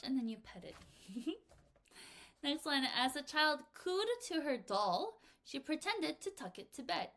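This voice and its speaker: A young adult woman teaching English vocabulary to young learners in a recorded lesson, with clear, animated delivery and little acted examples. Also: sits high, measured pace.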